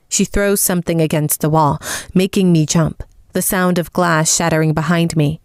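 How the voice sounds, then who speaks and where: A woman narrating a first-person audiobook with a calm, even delivery. Her voice sits on the lower side, recorded dry and close with no room sound. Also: normal speed, no echo.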